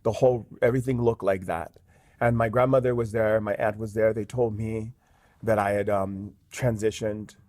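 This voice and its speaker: A man's voice: lowish voice, fairly even intonation, moderate pace, a little mellow, no room sound, clean studio sound. A man, a guest shaman in an interview, telling a story earnestly with many fillers. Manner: earnest, with frequent "um" and "like".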